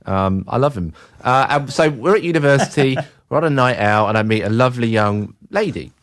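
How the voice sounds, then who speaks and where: A man's voice: mid-range voice, expressive, a little fast. A man co-hosting a casual podcast chat, joking and laughing through his stories. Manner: jokey, laughing storyteller. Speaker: podcast co-host.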